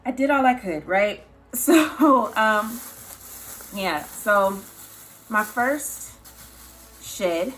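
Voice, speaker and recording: A young woman speaking in a candid personal vlog. She is earnest and emotional, talking haltingly with frequent fillers and nervous laughs. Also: a little high, lively intonation, a bit bright, faint music behind. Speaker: vlogger.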